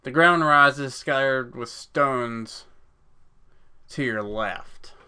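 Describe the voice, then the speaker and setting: A man with a bright, crisp voice reads a text-based game aloud for a let's play. He moves between dramatic narration and casual, foul-mouthed asides to the audience. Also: medium pitch, extremely slow. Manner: reads narration in a dramatic voice, swears and cracks jokes between passages.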